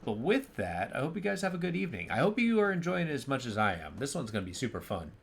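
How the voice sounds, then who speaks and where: A man's voice: mid-range voice, very animated, fast talker, vocal fry, slight background noise. A man streaming a video game, chatting casually and enthusiastically about it. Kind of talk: casual gameplay commentary.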